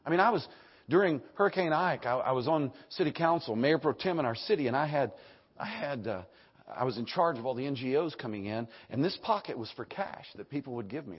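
An older man preaching a sermon, hoarse from singing, swinging from loud emphatic bursts to hushed storytelling. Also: mid-range voice, highs cut off. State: hoarse, voice nearly gone. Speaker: Baptist preacher.

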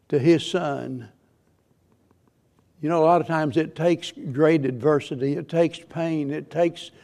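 Guy preaching a sermon, gravelly voice, a bit high, earnest and repeats himself a lot. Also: a little mellow. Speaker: pastor.

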